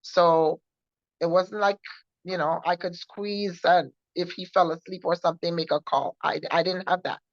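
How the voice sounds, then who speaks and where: Low-voiced woman giving earnest testimony. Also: fairly even intonation, dry recording. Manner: earnest, halting, with many repetitions and restarts. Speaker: guest sharing a personal testimony. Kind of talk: personal testimony storytelling. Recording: dull lo-fi recording.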